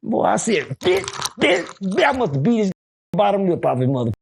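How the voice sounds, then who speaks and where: A middle-aged man tells his stories in a high, gravelly voice that swings widely up and down. He is animated and casual, and he keeps slipping into the voices of the people he describes. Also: fast talker, a little hiss or hum. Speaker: guest. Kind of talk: casual storytelling interview.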